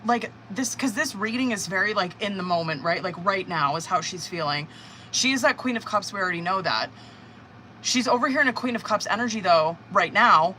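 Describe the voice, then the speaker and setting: Bright-voiced woman giving a casual tarot reading. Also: on the high side, a little hiss or hum. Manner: casual, swearing, animated, acts out the querent's thoughts. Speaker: tarot reader. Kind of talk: live tarot reading stream.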